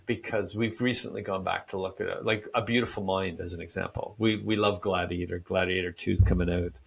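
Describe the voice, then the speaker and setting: A man's voice: sits low, steady tone, brisk, vocal fry, slightly rough. A man hosting a podcast interview, chatting casually and telling stories with rambling enthusiasm. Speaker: podcast host.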